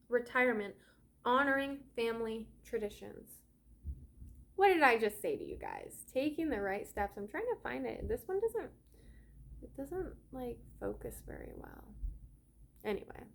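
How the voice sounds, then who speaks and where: Speaking straight to her viewers and calling them "guys," a yoga teacher and oracle card reader gives a chatty, rambling spiritual energy update. Her voice is a little high with a fairly bright tone.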